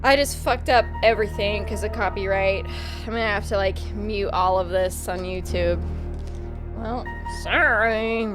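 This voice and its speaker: A woman's voice: medium pitch, a little slow. A young woman streaming a game, chatting casually, swearing freely and laughing often. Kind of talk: casual livestream chat while gaming. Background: game music.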